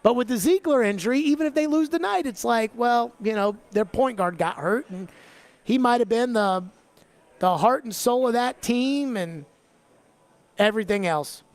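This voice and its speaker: A man hosting a sports talk radio show, talking in an animated, chatty way. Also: very high-pitched, moderate pace. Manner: animated, slips into an exaggerated Southern drawl for bits. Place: radio studio.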